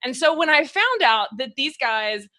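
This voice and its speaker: A woman's voice: sits high, normal speed. A woman hosting a casual interview, telling stories with lots of energy and laughter, acting out her own thoughts. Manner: animated storyteller, laughs often, acts out her own thoughts. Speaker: podcast host.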